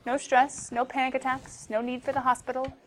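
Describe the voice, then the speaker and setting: A woman's voice: sits high, level tone, a little fast. Playful chatty woman teaching math. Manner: chatty, playful, talks to herself while teaching. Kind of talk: classroom lecture. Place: classroom. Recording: faint background noise.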